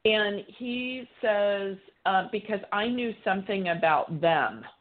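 A woman's voice: medium pitch, expressive, slow pace, phone-quality sound. A woman psychic medium giving a live reading on a call-in show, chatty, relaying messages as quotes.

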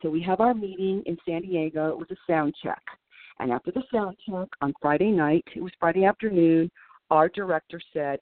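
A woman guest telling animated stories in a casual interview, laughing and acting out the people she quotes. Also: fairly low pitch, a little fast, no room sound. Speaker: guest, former wrestler. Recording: tinny phone line, dry.

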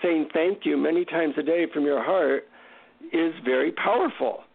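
Male guest author, animated storyteller, gravelly and fairly high, phone-line quality. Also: moderate pace. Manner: animated, self-mocking storyteller. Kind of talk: storytelling in an interview.

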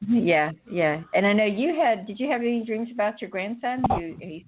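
A woman's voice: mid-range voice, expressive, normal speed, noisy background. Chatty middle-aged woman on a phone-like line. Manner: chatty, rambling, laughs often. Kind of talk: casual chat. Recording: phone-like narrow audio.

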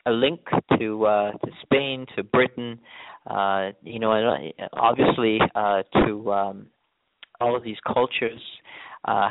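A man's voice: on the low side, no echo. A man with a lightly toned-down Jamaican accent, answering interview questions in an easygoing way with lots of fillers and restarts. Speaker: tourism board guest. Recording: dry, tinny phone line.

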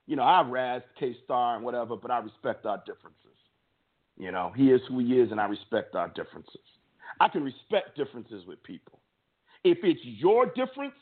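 A husky-voiced man co-hosts a sports show and rants with heat and emphasis, often stammering as he restarts his thoughts. His voice sits at an ordinary pitch for a man. The sound is thin and narrow, like a phone line. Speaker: sports podcast co-host. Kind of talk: impassioned opinion rant. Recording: tinny phone-like audio.

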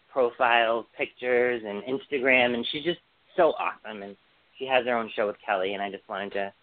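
A man's voice: medium pitch, dry recording. Gushing chatty man on a phone-like line. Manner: gushing, chatty, lots of fillers. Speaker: podcast co-host. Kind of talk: casual chat. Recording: dry, phone-like sound.

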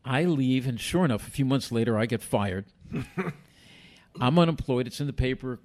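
A man's voice: medium pitch, normal speed. Older New man telling stories. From United States. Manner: animated storyteller who acts out quoted dialogue. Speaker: guest, former boxing commissioner. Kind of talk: casual storytelling on a podcast.

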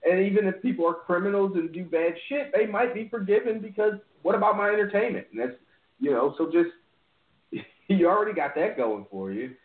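Brisk and lively, with a high voice, this podcast co-host keeps the chat casual, profane, and rambling, restarting often. Faint music plays behind an echoey, phone-like recording.

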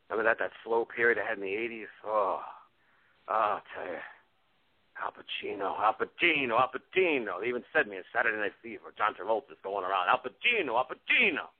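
A man impersonating a loud, husky aging movie star on a phone line. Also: fairly low pitch. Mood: anxious. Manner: bursts into sudden shouted exclamations. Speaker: guest impressionist.

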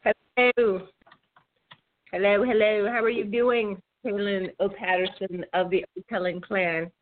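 A woman's voice: medium pitch, fairly even intonation, unhurried, a little hiss or hum. Teasing woman co-host on the phone. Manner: teasing, laughing. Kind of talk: casual radio chat. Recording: phone line.

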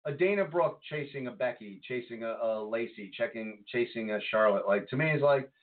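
A man co-hosting a podcast, chatting casually about wrestling in an animated, exasperated way. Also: medium pitch, brisk. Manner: animated, exasperated ranting, breaks into laughter. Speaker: podcast co-host. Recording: tinny phone-like audio.

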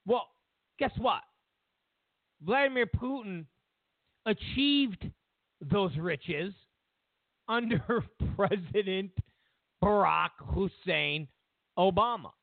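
A man's voice: high voice, animated, slow, gravelly, long pauses, no room sound. A man hosting a talk show, ranting about politics with mocking sarcasm and acting out other people's voices. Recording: dry, phone-like lo-fi sound.

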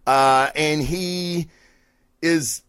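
A man's voice: fairly high pitch, fairly even intonation, very slow, fairly bright tone, clear, resonant tone. A man hosting a casual live review show, rambling, cursing freely and correcting himself as he goes. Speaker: host.

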